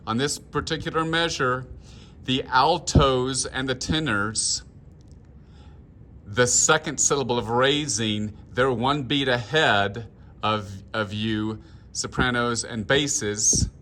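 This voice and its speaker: A man coaching a choir through a score at a very slow, deliberate pace, with faint ambient noise behind him. His voice sits at an ordinary pitch. He explains each marking patiently, like a teacher in rehearsal. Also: sharp tone. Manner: patient, instructional, sings phrases to demonstrate. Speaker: choir director.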